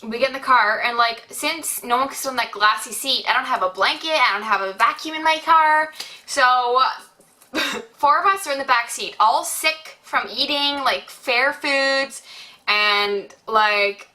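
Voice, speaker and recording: A woman's voice: sits high, measured pace. A young woman telling a rambling story on her vlog, acting out what people said, with lots of fillers. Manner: rambling, animated retelling with many fillers and acted-out quotes. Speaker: beauty vlogger.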